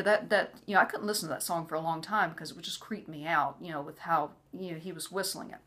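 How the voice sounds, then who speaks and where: A woman's voice: lowish voice, fast talker, few pauses, a bit bright. A woman telling a personal story in a casual way, with many "you know" fillers, sometimes acting out what others said. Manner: frequent "you know" fillers, acts out quoted voices. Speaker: vlogger sharing personal story.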